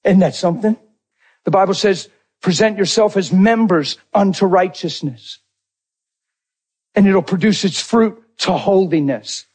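A man preaching a sermon in a dramatic way, jumping from loud exclamations to hushed low lines. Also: measured pace, long pauses, husky.

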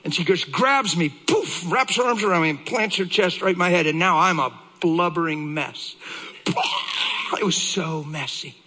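A middle-aged pastor gives an emotional, animated sermon testimony. His voice is husky yet forceful and pitched slightly high. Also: normal speed, rough recording.

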